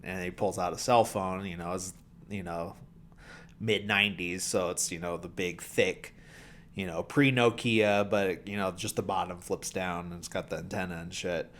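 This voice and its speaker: A man's voice: deep voice, steady tone, moderate pace, fairly bright tone, a little hiss or hum. A man hosting a podcast, retelling a film scene in a loose, rambling way, full of filler words and dry humour. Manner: rambling, heavy on "like" and "you know" fillers. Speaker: podcast host. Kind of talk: casual film recap.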